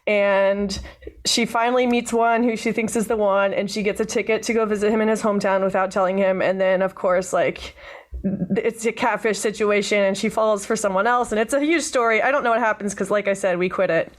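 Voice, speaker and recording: A woman's voice: medium pitch, steady tone, brisk. A woman hosting a podcast in a chatty, self-deprecating casual way, full of fillers. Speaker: podcast host.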